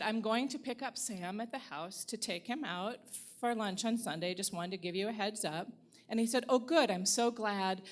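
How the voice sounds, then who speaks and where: A middle-aged woman from the Upper Midwest, telling a personal story at a live storytelling event in a wry, candid way and swearing freely. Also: medium pitch.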